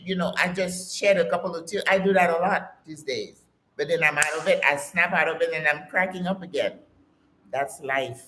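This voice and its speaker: A woman's voice: fairly low pitch, a bit bright. Woman in her sixties, preaching in echo. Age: 60s. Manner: preachy, emphatic, calls listeners sis. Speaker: channel host. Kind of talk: casual motivational talk to camera.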